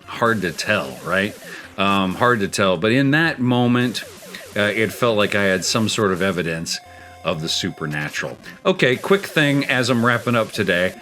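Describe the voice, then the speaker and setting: A man's voice: fairly low pitch, big pitch swings, moderate pace, sharp tone, soft background music. A man hosting a gaming show, telling a spooky story in a rambling, chuckling way with plenty of restarts. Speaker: show host.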